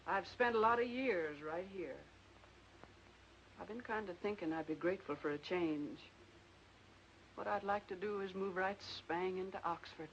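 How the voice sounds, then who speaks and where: An actress plays a dry-witted older farm aunt with a drawl, talking in a homely, tart way. Her voice sits at an ordinary middle pitch. It comes through a muffled old film soundtrack with a faint hiss. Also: lightly acted. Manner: folksy rural speech, dry tartness. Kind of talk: 1940s film acting.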